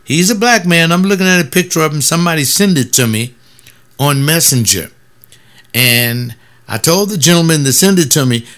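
A man's voice: fairly high pitch, lively intonation, fairly bright tone. Emphatic, scornful male commentator. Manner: emphatic, preachy, scornful, swings between quick asides and slow stressed words. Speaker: commentator critiquing a video.

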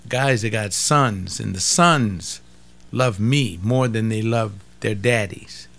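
A man's voice: on the low side, slow pace, creaky, a bit bright. An older man giving an informal sermon, repeating phrases for emphasis and talking straight to his listeners. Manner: repetitive, emphatic, conversational preaching. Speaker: pastor.

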